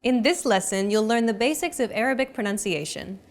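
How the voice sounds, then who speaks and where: A young adult woman hosting a language lesson in an upbeat, clear teacherly delivery. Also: a little high, animated, brisk. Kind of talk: scripted lesson narration.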